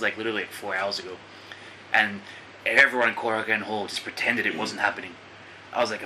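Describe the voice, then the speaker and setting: A man's voice: on the low side, steady tone, brisk, pushed and bright, slight background noise, poor audio. A man hosting a casual podcast, telling stories in a laid-back way and swearing freely. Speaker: podcast host.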